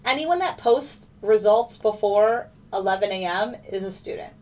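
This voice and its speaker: A woman's voice: mid-range voice, animated, moderate pace, a little mellow. A woman with a mid-range voice hosts a casual live stream. She talks in a chatty way, reads out viewers' messages and walks through her trades as they happen. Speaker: trading streamer.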